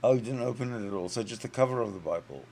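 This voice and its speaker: A man's voice: lowish voice, very fast, gravelly, a little mellow. A man hosting a casual online discussion who teases his guests dryly. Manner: dry, teasing. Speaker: podcast host.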